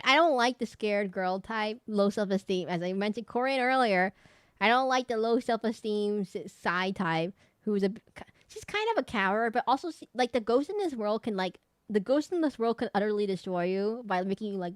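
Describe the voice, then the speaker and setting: A woman's voice: mid-range voice, smooth, no room sound, clean studio sound. A woman streamer chatting casually as she ranks characters, rambling and correcting herself often. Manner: rambling, self-correcting, laughing. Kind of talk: casual live-stream commentary.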